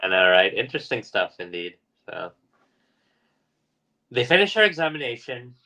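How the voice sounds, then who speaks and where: A man's voice: medium pitch, sing-song, moderate pace, bright, forceful tone, slight background noise, poor audio. A man co-hosting a podcast, casually retelling a story with lots of fillers and acting out the people in it. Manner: loose, filler-heavy retelling with acted-out quotes.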